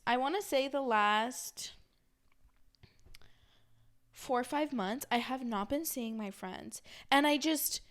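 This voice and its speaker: A young woman vlogging to her followers in a chatty, rambling way, full of "like" and restarts. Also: fairly high pitch. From Los Angeles area. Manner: chatty, rambling, many fillers like "like". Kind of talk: casual chat to camera.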